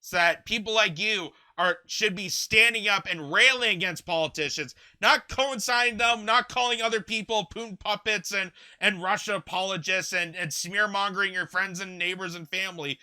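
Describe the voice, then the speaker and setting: Young male host, heated commentary rant, high voice, very bright tone. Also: moderate pace, hardly any pauses, clear, resonant tone. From Canada. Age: 20s. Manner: angry, heated, ranting. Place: home basement.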